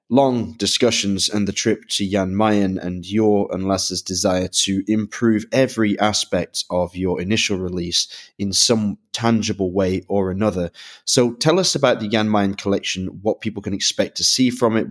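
A man hosting a podcast who is a native English speaker, chatty and upbeat, asking long leading questions. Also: fairly low pitch. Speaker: podcast host. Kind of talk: casual podcast interview.

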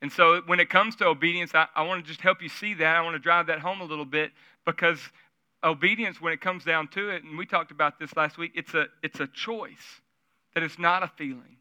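A man's voice: on the high side, steady tone, a little fast, pushed and bright, clear, resonant tone, no echo. A man preaching a sermon at a church service, telling stories in a conversational way and asking the audience questions. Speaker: pastor.

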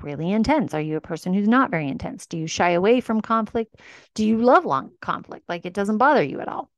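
A woman hosting a self-help podcast, talking casually and acting out quick little dialogues. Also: on the low side, no room sound. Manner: chatty, acts out little dialogues with rising voice. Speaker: podcast host.

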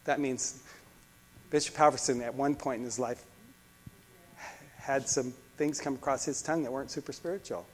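A man's voice: mid-range voice, steady tone, normal speed, long pauses, a little hiss or hum. A man preaching a sermon as pastor, fervent, with frequent repeated restarts.

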